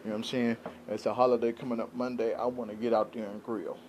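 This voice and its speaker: A man at a medium pitch, venting in a loose, rambling monologue straight to his viewers. He sounds aggrieved and keeps checking in with them as he talks, and a faint hum of ambience sits underneath. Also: flat delivery, fast, a little mellow. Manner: rambling, aggrieved venting, keeps asking "you know what I'm saying". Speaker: vlogger. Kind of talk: unscripted monologue to camera.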